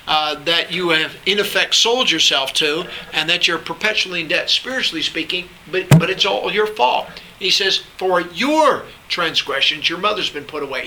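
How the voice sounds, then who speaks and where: A man's voice: fairly high pitch, creaky, sharp tone, slight background noise, poor audio. A man teaching a Bible class, reading scripture aloud and then explaining it in loose asides, often checking in with the class. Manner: checks in with the class by asking "all right?".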